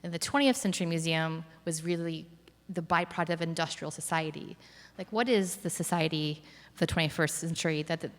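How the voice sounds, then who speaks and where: A woman speaks in a fairly low voice, telling a story in an unhurried, reflective way, full of fillers and restarts as she gathers her thoughts. Her voice rings out in a hall with a long reverb. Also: steady tone. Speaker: curator. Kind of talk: conversational interview on stage.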